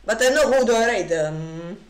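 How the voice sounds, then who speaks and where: Excitable woman streaming chess, roomy echo. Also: mid-range voice, normal speed. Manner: excitable, frequent gasps and exclamations. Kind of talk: casual livestream commentary.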